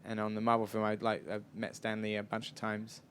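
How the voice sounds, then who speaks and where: A man's voice: fairly low pitch, monotone, fairly quick, fairly bright tone, slight background noise. A man answering audience questions at a live event, chatty and rambling, often self-deprecating. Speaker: filmmaker guest.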